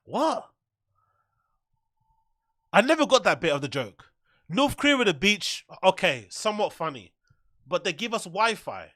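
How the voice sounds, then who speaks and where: A man's voice: high-pitched, big pitch swings, unhurried, long pauses, fairly bright tone, no echo, clean studio sound. A male podcast host giving a casual, mocking reaction commentary and laughing often.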